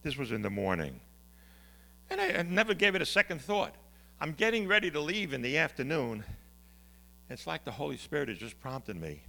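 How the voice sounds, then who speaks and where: A man preaching a storytelling sermon with a bright, gravelly voice. His pitch leaps and falls as he talks, and he moves between loud, excited bursts and quiet, hushed reflection. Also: fairly quick, long pauses. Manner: animated, conversational, swings from loud to hushed. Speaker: pastor.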